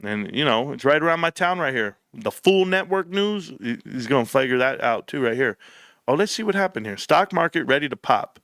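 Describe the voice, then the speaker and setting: A man talks straight to camera in a loose, slangy ramble. His bright voice leaps around in pitch as he acts out the people in his stories. The sound is dry and close. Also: a little fast, no room sound. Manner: animated storytelling, slangy, plays out dialogue in voices. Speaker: YouTube host. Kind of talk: casual rambling monologue.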